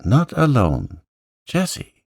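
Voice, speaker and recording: A man putting on a shrill, frightened vicar's wife. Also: wildly swooping pitch, takes it slowly, creaky, no room sound, studio quality, full character voice. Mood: anxious.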